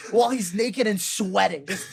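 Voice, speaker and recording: A man, a guest on a casual podcast, telling a lively story and putting on quick impressions of the people in it. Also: high voice, creaky, breathy edge. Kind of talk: casual chat.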